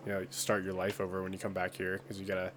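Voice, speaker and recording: A man's voice: sits low, completely flat delivery, fast, a little hiss or hum. A man from the United States in a casual chat, rambling with many fillers.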